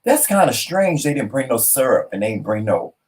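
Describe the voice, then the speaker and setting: This is a man, chatting on a casual talk show. He tells stories with loud, theatrical flair and plenty of profanity. His voice is mid-pitched and sounds a little distant from the microphone. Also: a little fast. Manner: dramatic, animated storyteller who curses freely. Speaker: co-host.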